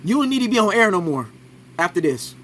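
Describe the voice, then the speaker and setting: Male reaction commentator, high bright voice, argumentative, peppers lines with "right?". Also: big pitch swings, brisk, a little hiss or hum. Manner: argumentative, keeps adding "right?". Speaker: commentator reacting to a sports clip.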